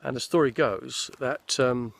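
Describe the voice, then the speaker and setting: Older guy rambling on about his acting days outside in the woods, creaky voice, average pitch. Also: fairly even intonation, measured pace. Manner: rambling, meandering storytelling with restarts. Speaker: actor recounting his career. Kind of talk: casual anecdotal chat. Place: outdoors in a forest.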